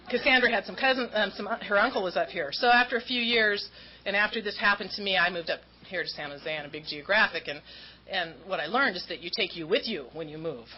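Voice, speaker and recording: A woman's voice: mid-range voice, normal speed. A woman speaks at an AA meeting, telling her story with candid, self-mocking humor and putting on voices for the people in it. Her voice sits mid-range, and the recording is dull and lo-fi. A faint hiss runs underneath. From Southern California. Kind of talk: recovery talk storytelling.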